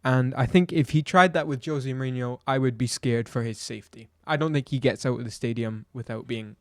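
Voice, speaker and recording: This opinionated match review vlog features a man ranting about a football game, blunt and exasperated, peppering it with rhetorical questions. His mid-range voice moves a little fast, captured cleanly in the studio with no echo.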